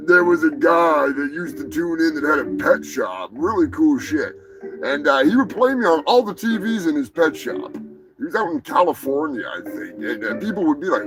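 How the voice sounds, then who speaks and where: A man's voice: fairly high pitch, poor audio. A man hosting a live show, rambling through profane, joking rants. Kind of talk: rambling live-stream monologue.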